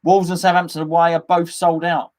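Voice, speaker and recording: Male host, middle-aged, rambling jokey live-chat patter, slightly high voice. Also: little pitch movement, fairly quick, darkish tone. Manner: rambling, jokey, chatty with many fillers and restarts. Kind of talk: casual live-stream chat reading comments.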